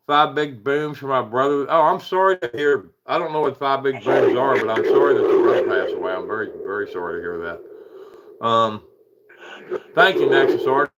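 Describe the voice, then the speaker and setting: A man's voice: mid-range voice, dull audio, heavy background noise. A man hosting a casual livestream, rambling, greeting viewers by name and chuckling at himself. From Eastern United States. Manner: rambling, self-deprecating, chuckles often, greets chatters. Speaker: paranormal livestream host.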